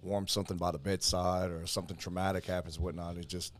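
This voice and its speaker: A man guest on a podcast, talking in a laid-back, halting way that trails off. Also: deep voice, little pitch movement, a little hiss or hum. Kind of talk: casual podcast chat.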